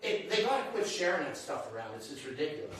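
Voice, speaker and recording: Rambling high-voiced man hosting, echoey hall. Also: sing-song, fast, a bit bright, distant mic. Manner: rambling, chatty, lots of "you know what I mean". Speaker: host. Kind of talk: live show banter with guests.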